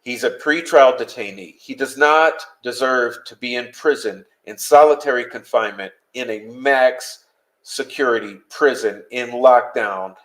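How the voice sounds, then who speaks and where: A man's voice: medium pitch, a little slow, a bit bright. A man hosting a live-stream, talking bluntly and heatedly to his chat, swearing often as he vents. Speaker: podcast host.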